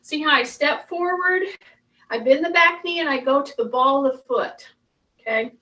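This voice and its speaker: A woman's voice: high voice, moderate pace, bright, forceful tone, distant mic, dull audio. A woman fitness instructor talking viewers through a workout, chatty and coaching, repeating her cues.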